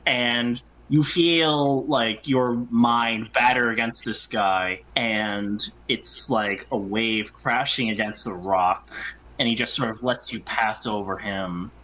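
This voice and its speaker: A man's voice: mid-range voice, takes it slowly, a bit bright, low-quality recording. A man acting as game master, narrating a tabletop game in a laid-back, hedging way.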